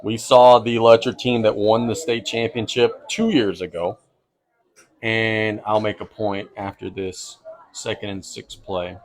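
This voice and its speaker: A man calling play-by-play for a high school football game, brisk and easygoing, chuckling now and then. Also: flat delivery, poor audio. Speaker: play-by-play announcer.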